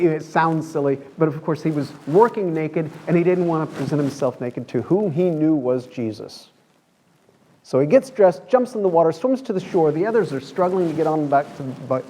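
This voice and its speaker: A man's voice: on the high side, mellow, a little hiss or hum. A man preaching a conversational sermon in a church, telling the story in a chatty way and acting out the quoted lines.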